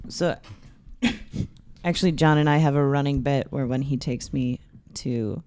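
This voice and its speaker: A woman's voice: rumbling low, a little slow, mellow, no room sound. A woman co-hosting a casual podcast chat, chatty and giggly. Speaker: podcast co-host.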